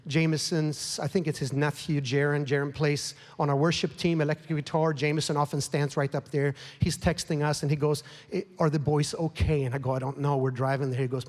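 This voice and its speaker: A man preaching a sermon as a pastor, telling a story with rising emotion and growing heat. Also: fairly high pitch. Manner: emotional, grows louder and more heated, whispers at times. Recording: long hall reverb.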